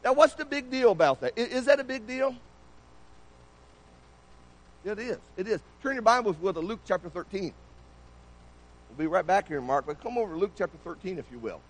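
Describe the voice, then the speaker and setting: A man's voice: high-pitched, lively intonation, fast, rough recording. A man preaching a sermon in a church, keeping it conversational and putting many questions to the congregation.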